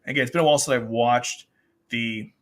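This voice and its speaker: Male reviewer, casual rambling chat, mid-pitched, restarts often, slips into character voices. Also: steady tone, brisk. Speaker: anime and manga reviewer.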